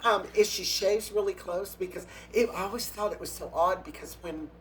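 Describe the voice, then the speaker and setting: A man's voice: high voice, moderate pace, a little hiss or hum. A man, a drag performer, telling catty backstage stories in a casual, gossipy interview, breaking into laughs and gasps.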